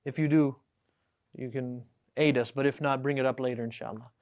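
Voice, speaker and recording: A man's voice: mid-range voice, fairly even intonation, a little fast, a little mellow. A man teaching an Arabic class to students, explaining words patiently, often checking with "right?" and reading example sentences aloud. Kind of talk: classroom lesson.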